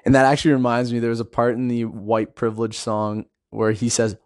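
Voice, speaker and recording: A man's voice: mid-range voice, completely flat delivery, fairly quick, a little mellow, no room sound, clean studio sound. Enthusiastic man rambling about a film. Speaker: video reviewer. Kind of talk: casual film commentary.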